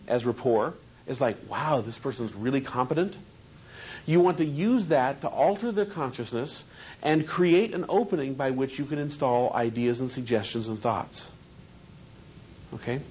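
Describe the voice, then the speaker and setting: A man's voice: fairly high pitch, animated, normal speed, darkish tone, slightly rough, poor audio. A man teaching a seminar on hypnosis in a training room, talking conversationally and asking the group questions.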